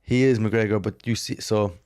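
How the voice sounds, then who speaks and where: A man's voice: on the low side, steady tone, normal speed, darkish tone, smooth. A man co-hosting a podcast, rambling through stories in casual chat and acting out quotes. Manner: rambling storyteller, acts out quotes. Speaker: podcast co-host.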